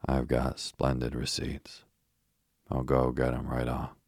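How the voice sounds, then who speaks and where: A man's voice: rumbling low, monotone, takes it slowly, gravelly, a little mellow, slightly rough, no echo, studio quality, heavily acted. A man voicing a deaf, fussy, kindly old village woman in a bedtime story, with homely country talk.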